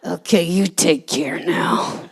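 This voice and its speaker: A woman doing an impression of a gruff, laid-back older male actor with a low, drawling voice and a blunt, offhand delivery. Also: takes it slowly, full character voice.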